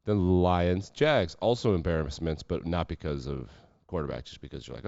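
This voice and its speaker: Deep-voiced male podcast host, sarcastic and profane, dry dull mic. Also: creaky, a little mellow, no echo. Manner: sarcastic, profane, quick asides. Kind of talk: casual sports commentary.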